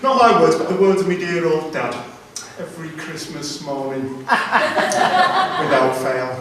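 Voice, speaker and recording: Brief: stand-up, forties, slightly high voice, rambling self-mockery, picked up from far off in a very echoey room. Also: male voice, very animated, measured pace, pauses often, a crowd in the background. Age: 40s. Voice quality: rambling, self-deprecating delivery. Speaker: stand-up comedian. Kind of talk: stand-up comedy routine. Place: comedy club stage.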